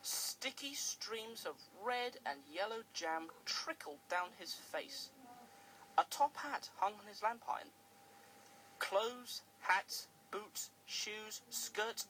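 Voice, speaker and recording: A slow, expressive storybook narrator. The pitch swoops widely and the tone is bright and clear, read for children. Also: slight background noise, low-quality recording.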